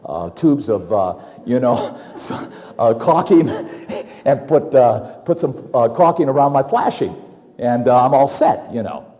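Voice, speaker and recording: Lively folksy preacher in a reverberant hall. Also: male voice, medium pitch, unhurried. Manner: folksy, acts out worried voices, laughs at his own examples. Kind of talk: sermon.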